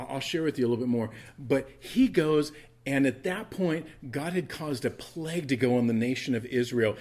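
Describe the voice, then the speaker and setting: A male pastor delivering a sermon in a church, telling a Bible story with animated asides and quick character voices. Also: mid-range voice.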